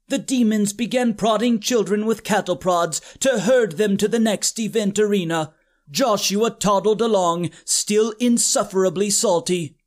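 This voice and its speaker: A narrator reading a comic story in a dry, deadpan manner. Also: mid-range voice, moderate pace. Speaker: audiobook narrator.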